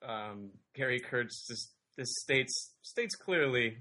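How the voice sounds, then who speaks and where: A man on a casual podcast roundtable with a bright, forceful voice at a middle pitch. He tells his anecdotes in an amused way and keeps chuckling at what he describes. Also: animated, slow, few pauses.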